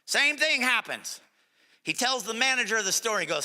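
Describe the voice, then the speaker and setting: A man's voice: very high-pitched, normal speed. A middle-aged man doing live stand-up comedy, slipping into character voices as he tells jokes. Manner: animated, jumps into character voices. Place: comedy stage before an audience. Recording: live venue with long reverb.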